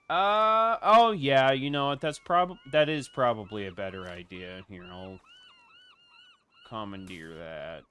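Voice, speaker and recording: A man's voice: low-pitched, pushed and bright. A man chatting and joking sarcastically with friends while playing a survival game. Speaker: gamer. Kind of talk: casual co-op let's play chat.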